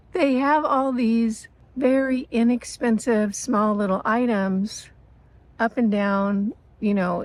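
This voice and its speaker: A lifestyle vlogger in her sixties speaks to her viewers in a fairly high, slightly mellow voice, recorded dry with poor audio. Her monologue is reflective and earnest, with emotional personal stories and frequent laughter.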